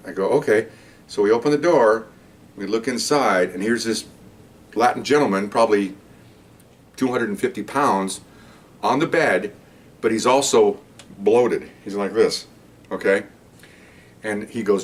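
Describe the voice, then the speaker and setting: A man's voice: lowish voice, brisk, recorded from a distance. An older man, a retired police officer, telling a story in a casual, rambling way with many restarts.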